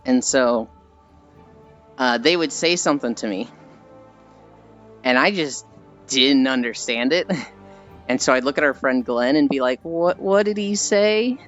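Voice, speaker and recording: A man's voice: mid-range voice, unhurried, long pauses, a bit bright. An American man chatting casually on a live stream, rambling and reading chat aloud. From United States. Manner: rambling, chatty, laughs at own stories. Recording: dull lo-fi audio with faint background music.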